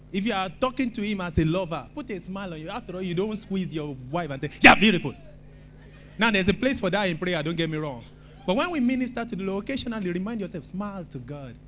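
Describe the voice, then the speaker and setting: A man preaching a sermon in a church, talking in an animated, conversational way and repeating phrases for emphasis. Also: sits high, brisk, slight background noise. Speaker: pastor.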